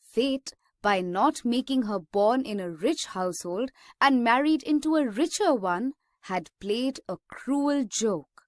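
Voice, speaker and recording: A woman teacher reads a story aloud for a lesson, in a slow and deliberate way. Her voice sits a little high and stays expressive. The recording is dry and close. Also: dry recording.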